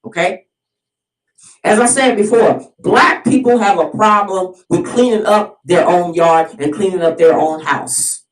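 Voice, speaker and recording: A woman's voice: mid-range voice, a little slow. A fired-up woman hosts her own video series, preaching in a heated solo monologue. She keeps repeating and restarting phrases as she pushes her point. Her voice sits in the middle range and comes from some distance in a roomy, echoing space. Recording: roomy sound, mic at a distance.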